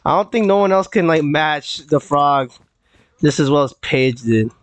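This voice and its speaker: A young man streams a game live and chats expressively at a moderate pace, looping back and stumbling with lots of fillers like "like" and "uh," repeating himself and restarting. His pitch sits slightly high for a man, and the recording is close and dry, with no room around it.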